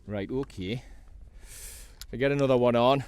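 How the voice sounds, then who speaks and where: A man's voice: medium pitch, normal speed, clean tone. A man giving chatty running commentary while fishing from a kayak at sea, talking to the fish he catches. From North East England. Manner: chatty, excitable, talks to the fish. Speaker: fishing vlogger.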